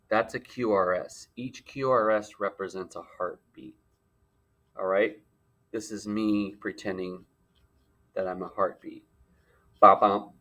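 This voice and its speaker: Bright-voiced joking male teacher. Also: on the low side. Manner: playful, joking asides. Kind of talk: jokey classroom lecture.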